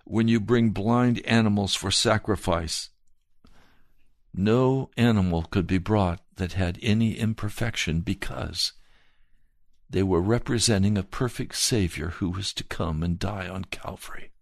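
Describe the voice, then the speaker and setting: A man preaching a slow, earnest sermon and telling a personal testimony. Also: on the low side, no room sound, studio quality. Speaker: pastor.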